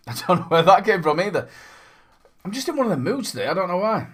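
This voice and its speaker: Here the vape-reviewing channel host is very animated and talks fast, his fairly bright voice a little rough and sitting just above average male pitch. Speaking straight to his viewers in a casual review vlog, he rambles happily and sprinkles in joking asides.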